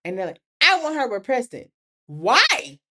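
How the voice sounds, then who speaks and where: A woman's voice: a little high, a little slow. A woman, hosting a casual TV recap talk and acting out characters' lines. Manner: animated, acts out characters' lines. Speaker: podcast host.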